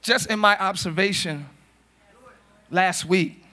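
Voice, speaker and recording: A man preaching a live sermon as pastor, talking to the congregation in a loose, joking way and breaking into loud shouts. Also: high voice, takes it slowly. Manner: conversational, jokey, bursts into shouts. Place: church sanctuary.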